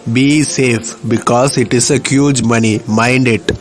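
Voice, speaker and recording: A man's voice: mid-range voice, fairly even intonation, unhurried, music in the background, close to an everyday voice. A man voicing a stern, hot-tempered elder brother in a cartoon, speaking in commands and scolding.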